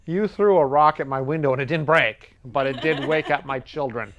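A man riffs through a loose, self-mocking monologue as host of a small studio talk show. He keeps slipping into quick voices to replay arguments, all at a middling pitch. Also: a bit bright, highs cut off, a little hiss or hum. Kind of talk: casual comedic monologue.

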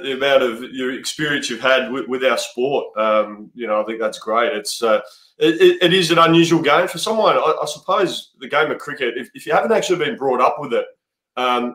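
An Australian man, a cricket coach, talking as a guest in a casual interview and telling stories in a halting way with many restarts. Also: medium pitch, fairly bright tone. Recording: roomy echo.

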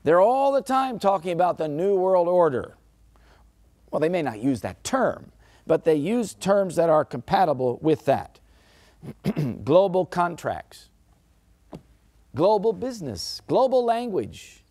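A middle-aged man giving a Bible study lecture, asking rhetorical questions and slowing down to stress key words. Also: sits high, big pitch swings, warm tone, dry recording, clean studio sound. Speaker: Bible teacher.

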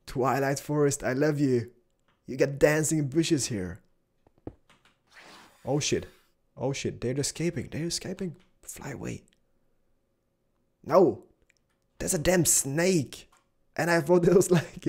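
A young man giving excitable Let's Play commentary, exclaiming and chatting to the animals he finds. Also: fairly high pitch, takes it slowly, pauses often. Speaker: gaming YouTuber.

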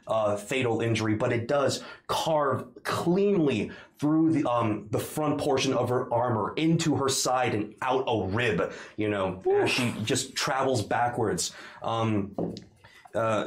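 A man narrating a tabletop game as dungeon master, describing the action in a halting way with many pauses. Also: medium pitch. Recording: roomy echoey room.

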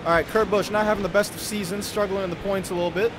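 A man's voice: high voice, fairly even intonation, fast, noisy background. A man hosting his gaming channel, commentating a racing game with playful, mock-villainous trash talk. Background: game music.

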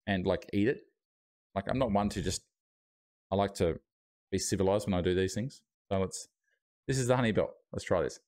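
A man's voice: on the low side, a little mellow. An Australian man hosting a casual live stream, chatting while he eats. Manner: chatty, talking while eating. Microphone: streaming mic with noise gate.

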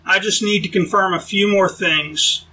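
A man reading an audiobook, voicing a focused female weapons specialist who answers flatly. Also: high-pitched, a little slow, slightly rough, exaggerated voice, poor audio. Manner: flat, matter-of-fact.

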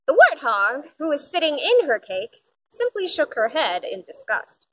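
A woman reading a children's picture book aloud, with expressive, lively storytelling. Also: high voice, unhurried, a little hiss or hum, low-quality recording. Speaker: storybook reader.

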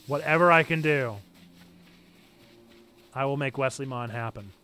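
A man's voice: mid-range voice, a little slow, sharp tone, faint music behind. A man with a North Carolina accent, chatting playfully with his viewers while streaming a game. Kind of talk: casual gameplay stream chat.

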